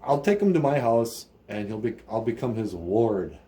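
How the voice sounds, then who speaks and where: A man's voice: on the low side, lively intonation, moderate pace, mellow, natural voice. A man voicing a rich young hero, earnest and wounded, in a raised, exclaiming voice during comic storytelling.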